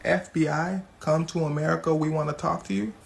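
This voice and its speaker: A woman's voice: low voice, fairly even intonation, fairly quick, gravelly, slight background noise. A woman voicing stern male federal agents who give blunt orders. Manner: blunt commanding.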